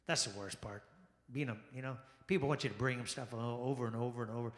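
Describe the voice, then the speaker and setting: A male stand-up comedian performing a lively set, exclaiming and acting out the people in his stories. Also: mid-range voice, quick pace. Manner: animated, exclamatory, acts out quoted people. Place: jazz lounge stage. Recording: echoey lounge with long reverb.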